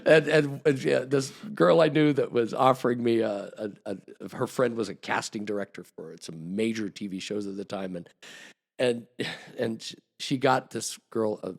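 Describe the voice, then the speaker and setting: A man's voice: medium pitch, moderate pace, gravelly. A man guest on a podcast, telling a long, rambling story with restarts and acted-out quotes. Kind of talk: casual storytelling.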